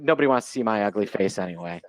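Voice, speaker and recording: A Chicago options trader in his 40s gives a loose, joking live webinar talk as a guest presenter over a video call mic. His fairly low voice is rapid-fire with lively intonation, and there's no echo, the delivery chatty and unscripted.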